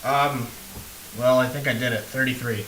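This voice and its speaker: A man's voice: medium pitch, steady tone, moderate pace, fairly bright tone. A man playing a tabletop game, laid-back and joking, laughing often. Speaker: player. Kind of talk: casual tabletop play. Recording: echoey room, mic far off, noisy.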